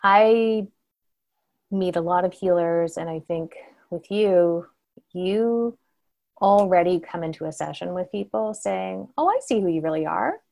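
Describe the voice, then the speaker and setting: Woman host, lowish voice, thoughtful and admiring. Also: normal speed, gravelly, mellow. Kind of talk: casual interview chat.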